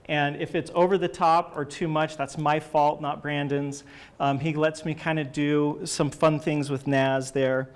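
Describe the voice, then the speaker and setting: A man's voice: a little high, little pitch movement, unhurried. A man giving a casual presentation about book artwork, chatty and hesitant, with many fillers and restarts.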